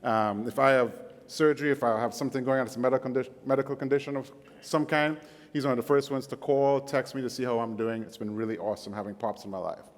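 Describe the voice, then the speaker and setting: A man's voice: medium pitch, fairly even intonation, fast talker. A middle-aged man with a Caribbean accent, giving a casual, self-joking guest sermon full of fillers. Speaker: guest preacher. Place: church sanctuary. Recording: long hall reverb.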